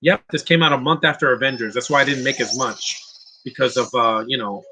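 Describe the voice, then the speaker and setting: A man's voice: medium pitch, fairly quick, pushed and bright, a little hiss or hum. A man hosting a casual live movie commentary, chatty and opinionated, reading out viewer questions and rambling with restarts. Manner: rambling with frequent restarts and laughs.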